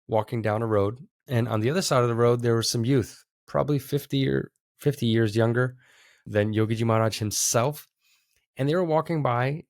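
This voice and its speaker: A man's voice: on the low side, creaky, darkish tone, dry recording, studio quality. A man hosting a podcast who tells a spiritual story in an earnest, heartfelt way. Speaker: podcast host. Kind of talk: reflective storytelling talk.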